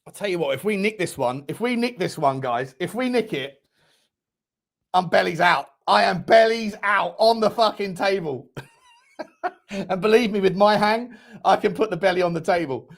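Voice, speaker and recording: Host: man, high voice, live match reactions with lots of shouting and swearing. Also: normal speed, vocal fry. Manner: excitable, shouts at players, swears a lot. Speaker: football watchalong host. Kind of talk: live football watchalong commentary.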